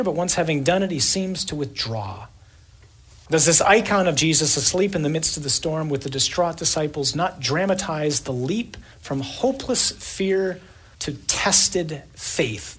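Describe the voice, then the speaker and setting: Male preacher, husky and breathy, dramatic evening sermon with punchy lists. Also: fairly high pitch, animated, normal speed, fairly bright tone. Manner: dramatic, emphatic lists, acts out the scene.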